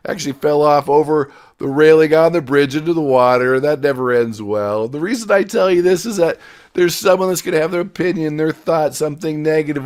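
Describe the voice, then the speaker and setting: With a voice on the high side, a male success coach leads a motivational business class. He's energetic and full of stories, alternating loud bursts of emphasis with quieter asides.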